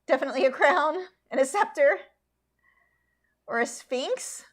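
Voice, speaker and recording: A woman's voice: high-pitched, lively intonation, measured pace. A woman artist chatting casually and opinionatedly with viewers while she paints, laughing often. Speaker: artist streamer.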